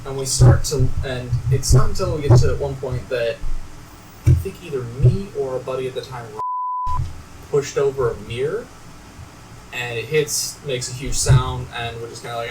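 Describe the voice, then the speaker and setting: A young man on a casual podcast, telling stories in an animated way, swearing freely and acting out the voices of people in them. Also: medium pitch, normal speed, far from the mic. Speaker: podcast co-host. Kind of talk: casual storytelling chat. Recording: echoey room, off-mic, noisy.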